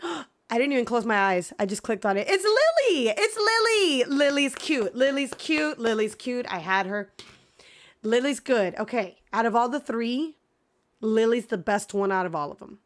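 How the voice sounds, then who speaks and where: A woman with a slightly high voice chats casually with her stream audience as she plays. She reacts in big swings, gasping with excitement one moment and hushed, mock-scared the next. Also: moderate pace. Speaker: gaming streamer. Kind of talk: casual live gameplay chat.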